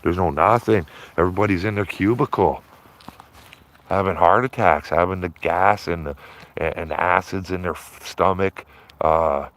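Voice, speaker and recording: Deep-voiced man rambling on a riverside stream. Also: moderate pace, fairly bright tone. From Canada. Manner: rambling, repeats himself, tags phrases with "man". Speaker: livestreaming auditor. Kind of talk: casual outdoor livestream chat. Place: outdoors by a river.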